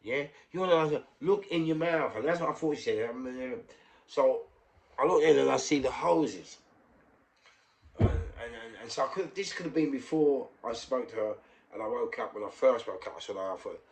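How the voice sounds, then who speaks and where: A middle-aged man with a London accent, telling his own story casually, repeating phrases and swinging between hushed and loud. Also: mid-range voice, normal speed, a little hiss or hum. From England.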